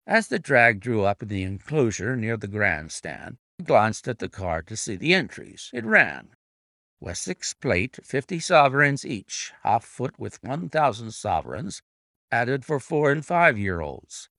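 Slow, expressive male story reader. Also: mid-range voice, creaky, no room sound, studio quality. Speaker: reader and annotator of classic stories. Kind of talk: storybook narration.

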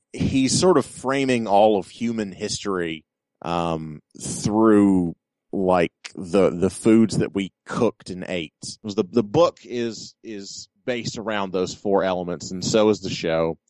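A man co-hosting a podcast, explaining something casually and haltingly with many pauses. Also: deep voice, a little mellow, no echo. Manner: halting, lots of ums and uhs while explaining. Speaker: podcast co-host. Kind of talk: casual chat.

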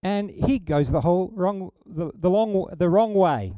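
Preacher with a high, smooth voice. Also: male voice, a little slow, no room sound. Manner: animated, humorous storytelling. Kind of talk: sermon.

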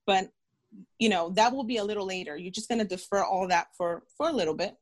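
A physician in her thirties, guesting in an interview, tells stories earnestly and encouragingly, repeating phrases and acting out quotes. She speaks fast at a medium pitch.

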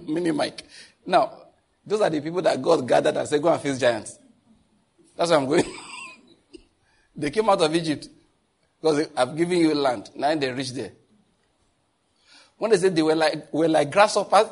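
Husky preacher man teaching a class. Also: high-pitched. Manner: animated, laughs often, asks the audience questions. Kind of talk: sermon teaching.

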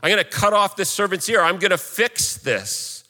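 Pastor doing a pushy fix-it disciple, raised pitch, echoey hall. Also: male voice, expressive, moderate pace, bright, forceful tone, exaggerated voice. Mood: determined. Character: impulsive male disciple, eager fixer.

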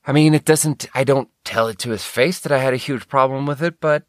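A podcast host with a medium-pitched voice tells a rambling story at a brisk clip, recorded in a clean studio with no echo. He often corrects himself mid-sentence and swears casually.

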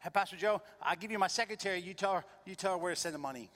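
A man putting on the high, bubbly voice of an eager Korean man calling on the phone, with a Korean accent and clipped phrasing. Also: racing, fairly bright tone, big-room sound.

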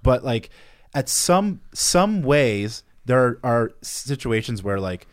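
A man thinks aloud on a podcast, wandering through his ideas with plenty of fillers. His pitch moves a lot, and the recording is dry and close. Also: very animated, slow pace, no echo. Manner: rambling, philosophizing, many "like" fillers. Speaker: podcast co-host. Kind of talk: casual chat.

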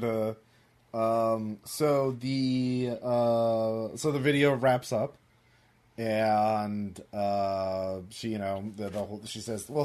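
Slow, rambling game master. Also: male voice, fairly low pitch, a little mellow. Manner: rambling, many fillers. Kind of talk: tabletop game narration.

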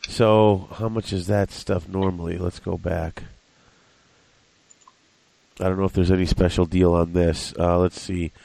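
A man's voice: low-pitched, little pitch movement, unhurried, gravelly, pauses often, dark tone. A man in casual hobby chat, thinking aloud as he works out prices and corrects himself.

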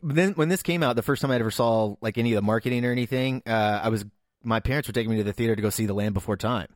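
A man co-hosting a podcast in casual chat, animated as he tells stories. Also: medium pitch, very fast, no room sound, clean studio sound. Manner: animated storyteller. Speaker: podcast co-host.

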